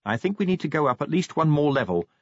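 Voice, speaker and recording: A man's voice: a little high, very animated, fast talker, no room sound, highs cut off, pitched above the performer's own voice. A man reading an audiobook, voicing a tough young female werewolf sergeant who speaks bluntly and dryly.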